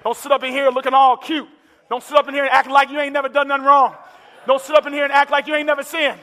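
A man preaching a sermon in a church, building to impassioned shouted climaxes. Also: very high voice, flat delivery, fast talker. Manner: impassioned, shouting climaxes with call-and-response urgency. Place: large church hall with congregation. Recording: echoey church hall with crowd.

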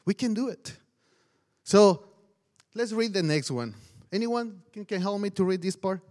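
Mexican Spanish-accented male pastor with a high voice, preaching with energy in broken English. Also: measured pace, a little mellow. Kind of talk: sermon.

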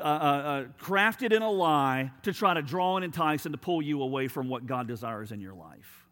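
A man preaching a sermon as a pastor, building from a low steady delivery to loud, impassioned emphasis. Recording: long hall reverb.

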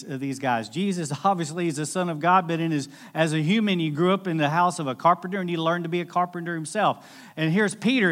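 A man preaching a sermon as a pastor, telling a scripture story with lively acted-out voices. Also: a little high.

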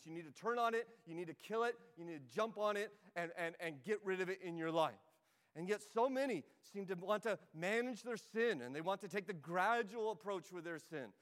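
A man's voice: high voice, fairly bright tone. A preacher giving a sermon in a church, urging his listeners in a direct, emphatic way. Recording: long hall reverb.

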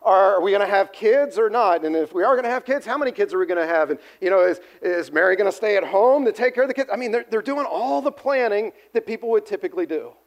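A pastor preaching a sermon, telling the story animatedly and asking the audience to answer. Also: male voice, high-pitched, quick pace, few pauses. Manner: animated storytelling, acts out quotes, asks the audience.

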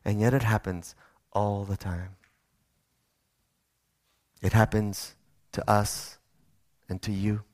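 Emphatic preacher, close dry sound. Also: male voice, fairly low pitch, flat delivery, takes it slowly, long pauses, a little mellow, no echo. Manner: conversational, emphatic, with restarts. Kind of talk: sermon.

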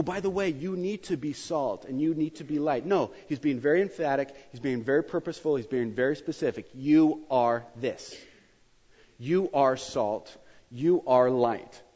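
A man in his thirties delivers a sermon from the pulpit. He mixes self-deprecating jokes with slow, emphatic repetition. His mid-pitched voice rings through a large reverberant hall on a muffled, lo-fi recording. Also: slightly rough. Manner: animated, joking, emphatic preaching. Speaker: pastor. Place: church sanctuary. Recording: dull sound with long hall reverb.

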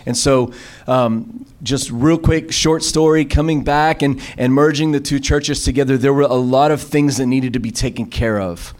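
A middle-aged man preaching a sermon as a pastor, telling stories with many restarts and acting out quoted voices with sudden jumps in pitch. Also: steady tone, normal speed, hardly any pauses, darkish tone. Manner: storytelling with many fillers and restarts.

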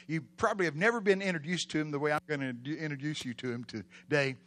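Male preacher, bright tenor-leaning voice, dramatic sermon delivery with call-and-response. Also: on the high side, quick pace. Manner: dramatic, shifts between loud exclamations and hushed storytelling.

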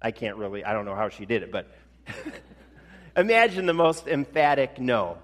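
A male pastor preaching a sermon in a conversational way, slowing down for emphasis. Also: mid-range voice, very animated. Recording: long reverb of a large hall.

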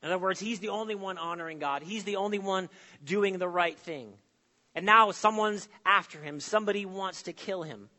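A male pastor with a high, bright voice preaches with emphatic phrasing and dramatic pauses. He swings between loud declarations and hushed lines. His voice rings out in a hall with a long, echoing reverb. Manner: emphatic, with dramatic pauses and sudden drops to soft. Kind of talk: sermon.

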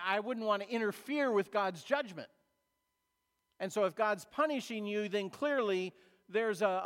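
A man preaching a sermon as a pastor, retelling a story in a conversational way with dramatic pauses. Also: high-pitched, a bit bright. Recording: long reverb of a large hall.

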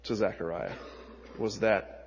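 A man preaching a sermon as pastor, retelling scripture dramatically, moving from hushed lines to emphatic ones. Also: on the low side, steady tone, unhurried, creaky, in a large hall, muffled recording, a little hiss or hum.

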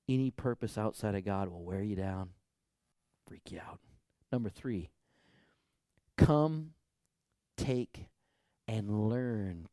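A man, a pastor, preaching a sermon and telling a story, dropping to a hush and then rising loud and high. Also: no echo, studio quality. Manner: storytelling with big swings from hushed to loud.

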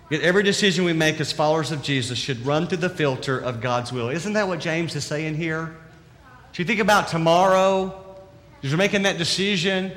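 A man's voice: fairly high pitch, brisk, a bit bright, in a large hall. A man with a Southern accent giving an earnest, conversational sermon that is full of rhetorical questions. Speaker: preacher.

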